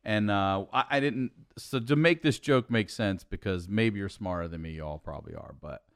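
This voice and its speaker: A man's voice: lowish voice, moderate pace, gravelly. A man and comedian chatting on a podcast, telling stories animatedly, swearing freely and acting out quotes. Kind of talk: casual podcast chat.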